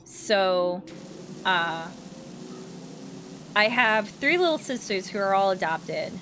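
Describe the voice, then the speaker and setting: A woman's voice: slow pace, slight background noise, low-quality recording. A young woman with a Midwestern accent, telling a story to her stream while playing, and her voice leaps up when she is exasperated. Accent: Midwestern American. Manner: animated, jumps high when exasperated. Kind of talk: casual storytelling while gaming.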